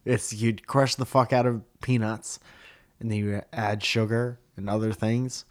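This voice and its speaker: A man's voice: on the low side, flat delivery, a little slow. A man co-hosting a podcast in casual chat, dry and teasing in his humor. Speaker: podcast co-host.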